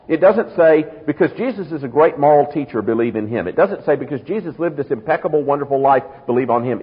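A man's voice: on the high side, husky. A man preaching a sermon, emphatic, drawing out key words and speeding through asides. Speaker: pastor. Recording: muffled sound with long hall reverb.

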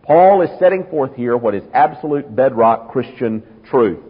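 A man's voice: medium pitch, expressive, moderate pace, husky. A man preaching a sermon, emphatic, drawing out key words and speeding through asides. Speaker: pastor. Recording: muffled sound with long hall reverb.

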